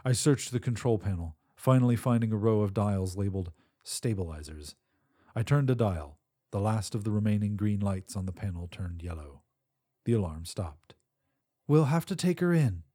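A man's voice: lowish voice, moderate pace, dark tone, slightly rough, dry recording, clean studio sound. A man reading a first-person sci-fi story aloud as scripted narration, in a tense and dramatic manner.

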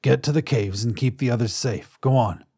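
A man's voice: mid-range voice, moderate pace, mellow, slightly rough, dry recording, clean studio sound. A man voicing a troubled adult male colonist and father, speaking in urgent, protective lines in a storybook reading.

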